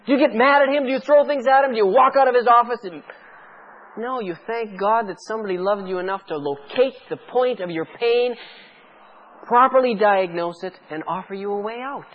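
A man with a high voice delivers a sermon, pleading with his listeners and pressing them with rhetorical questions. The sound is dull and lo-fi, like an old radio broadcast. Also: fairly quick. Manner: fervent, pleading preaching with many rhetorical questions. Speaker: pastor.

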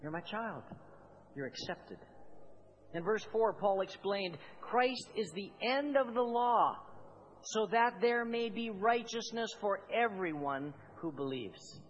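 High-voiced man preaching a fervent sermon. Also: lively intonation, slow pace, muffled recording, slight background noise. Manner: building to fervent, emphatic repetition; calls on the congregation to respond. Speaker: pastor.

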